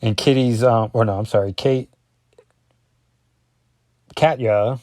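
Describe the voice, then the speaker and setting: A man's voice: medium pitch, steady tone, slow pace, darkish tone, no echo. A man casually reviewing a comic book page by page, rambling and often correcting himself with lots of ums.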